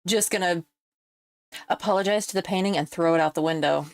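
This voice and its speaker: A woman playing a tabletop game, brisk and decisive about her character's actions. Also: on the low side. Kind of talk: casual chat.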